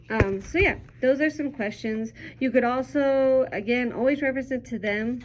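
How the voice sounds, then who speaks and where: A woman's voice: a little high, a little slow, noisy background. A young woman teacher chatting casually through a children's book review, upbeat and full of ums.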